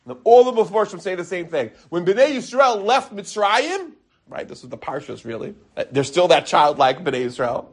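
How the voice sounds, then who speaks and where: A man in his forties, a rabbi giving a lively Torah talk, animated and mixing in Hebrew terms. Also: high voice, normal speed, breathy edge. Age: 40s. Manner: animated, acts out quotes, mixes in Hebrew terms.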